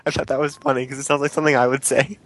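A man's voice: mid-range voice, little pitch movement, rapid-fire, a bit bright. A man co-hosting a casual podcast about cartoons, rambling and apologizing for his own tangents. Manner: rambling, self-deprecating, apologetic. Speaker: podcast co-host.

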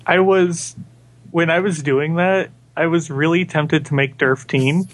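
Slow, hesitant man in casual chat. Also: a little high, fairly even intonation. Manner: hesitant, repeats words. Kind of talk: casual chat among friends.

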